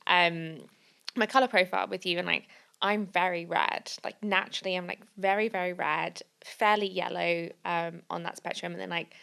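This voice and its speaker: A woman's voice: on the low side, steady tone, moderate pace, vocal fry, fairly bright tone, clear, resonant tone. A woman co-hosting a podcast, talking candidly and chattily with many filler words. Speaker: podcast co-host and fundraiser. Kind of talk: casual podcast conversation.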